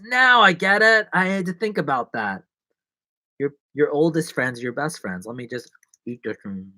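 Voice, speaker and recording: A man's voice: mid-range voice, lively intonation, moderate pace, sharp tone. A man hosting a casual live stream, rambling and joking as he chats to viewers from his seat at home. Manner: rambling, playful and jokey. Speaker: livestream host. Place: seated at home.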